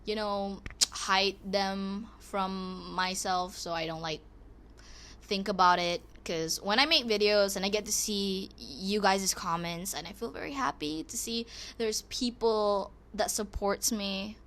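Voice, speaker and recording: A woman's voice: mid-range voice, unhurried, a bit bright. A teenage girl talking casually and candidly to her viewers, rambling with restarts and growing exasperated as she rants. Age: teens. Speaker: vlogger. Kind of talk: casual confessional vlog.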